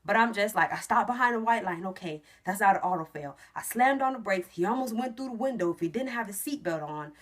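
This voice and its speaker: A young woman vlogging to camera, telling a story in a casual, animated way that jumps into loud, high re-enactments and drops to hushed asides. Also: quick pace, few pauses. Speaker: trucking vlogger.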